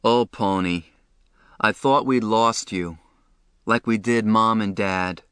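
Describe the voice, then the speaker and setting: Male narrator voicing a tough older brother holding back feeling, slow, dry storybook read. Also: fairly low pitch, a bit bright, clean tone, dry recording.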